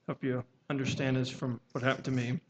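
A man preaching a sermon at a church service, speaking in a measured, halting way and reading scripture aloud in old-fashioned wording. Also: medium pitch, level tone, a little hiss or hum.

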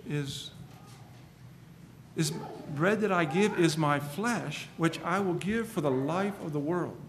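Guy preaching a sermon, pretty high voice, earnest and emphatic, echoey room with a bit of hum. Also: takes it slowly. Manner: earnest, emphatic, quotes scripture at length.

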